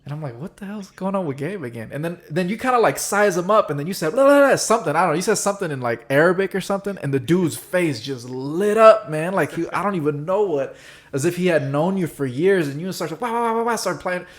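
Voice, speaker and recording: A man's voice: on the high side, animated, quick pace. A man hosting a casual podcast chat, telling stories animatedly and acting out quoted voices. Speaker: podcast host. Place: San Diego.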